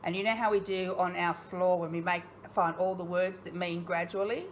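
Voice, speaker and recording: معلمة أسترالية تتحدث بحيوية مع الأطفال. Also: female voice, fairly low pitch, normal speed, a little hiss or hum. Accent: Australian. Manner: expressive, questioning, encouraging, speaks directly to pupils. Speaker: primary school teacher. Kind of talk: recorded online lesson for young children.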